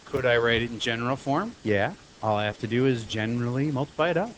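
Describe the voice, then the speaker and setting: A man teaching a high school math class, lecturing in a chatty way and firing quick questions at his students. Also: animated, a little hiss or hum, low-quality recording.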